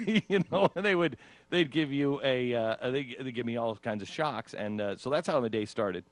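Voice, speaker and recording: A man's voice: medium pitch, lively intonation, moderate pace, dry recording. A man hosting a radio talk show, casually telling of his own ordeal and acting out his own panicked reactions with laughs. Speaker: radio host.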